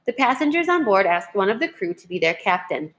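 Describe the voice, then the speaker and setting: A woman teacher reading a children's history book aloud in a clear, measured way. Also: mid-range voice, very animated.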